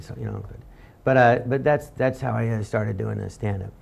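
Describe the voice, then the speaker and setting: A man with a gravelly, fry-laden voice tells a comic story as a game-show guest. He rambles, halts and restarts, and his pitch sits in a middling range. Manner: rambling, halting anecdote with frequent restarts. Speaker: guest comedian.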